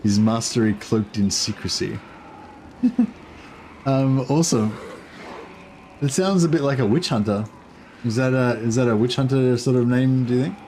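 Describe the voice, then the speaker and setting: A man's voice: medium pitch, normal speed, long pauses, slight background noise. A man giving casual, rambling gameplay commentary as a streamer, with plenty of fillers. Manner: relaxed, rambling, many fillers.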